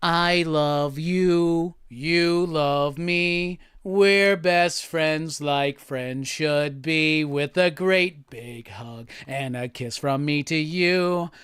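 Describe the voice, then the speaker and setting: A man putting on the voice of a cheerful, friendly purple male dinosaur, crooning slowly with a nasal tone. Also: fairly high pitch, a bit bright, clean tone, no echo, clean studio sound, pitched below the performer's own voice. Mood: sweet crooning. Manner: slow sing-song crooning.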